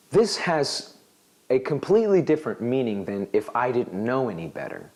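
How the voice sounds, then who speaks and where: A man's voice: mid-range voice, normal speed. A man presenting a video lesson that explains an English phrase. He talks with plenty of energy and acts out his examples. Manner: animated, acts out example dialogues. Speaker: English teacher.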